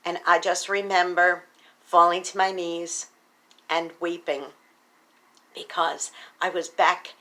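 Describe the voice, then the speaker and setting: Bright-voiced American woman vlogger. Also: lowish voice, flat delivery, slow pace, pauses often. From United States. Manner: earnest and patriotic, addresses viewers as boys and girls. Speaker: vlogger and speaker. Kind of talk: personal storytelling to camera.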